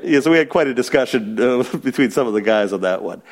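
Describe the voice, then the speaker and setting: A man's voice: medium pitch, expressive, fairly quick. A man teaching a Bible study to a small group in a church, chuckling often and asking rhetorical questions and then answering them.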